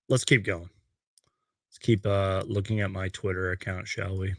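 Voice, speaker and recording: A young man hosting a post-game fan rant from his bedroom, emotional and halting, choked up as he reads tweets aloud to a webcam. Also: low-pitched, no room sound. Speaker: host. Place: bedroom at home.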